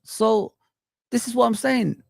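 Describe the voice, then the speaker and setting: Very high-pitched yet steady, a middle-aged man delivers a football stream rant at a measured pace, his voice gravelly and slightly mellow. He asks rhetorical questions and talks directly to viewers and chat. The sound is studio quality, free of echo.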